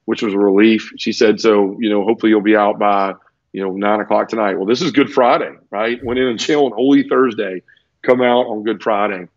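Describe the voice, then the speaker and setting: A man's voice: fairly low pitch, steady tone, brisk, no room sound. Teary, earnest man telling his story. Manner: earnest, repeats words and restarts often. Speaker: interview guest. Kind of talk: emotional personal storytelling in conversation. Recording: dull lo-fi dry sound.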